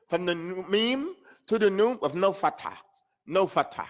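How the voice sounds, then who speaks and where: His voice sits high and sounds animated at normal speed as he leads a live online recitation class. The man repeats sounds over and over to drill pronunciation and mixes in Arabic terms, all in dull lo-fi class audio.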